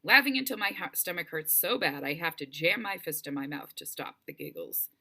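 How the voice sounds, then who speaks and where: A woman narrating a first-person audiobook with expressive, wryly humorous storytelling. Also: lowish voice, brisk.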